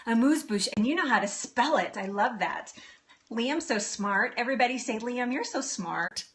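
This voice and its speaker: A woman in her thirties hosts a live cooking stream from her home kitchen, talking viewers through a recipe. Her voice is bright and a little high, and she is chatty and giggly, breaking off to answer comments. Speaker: cooking show host.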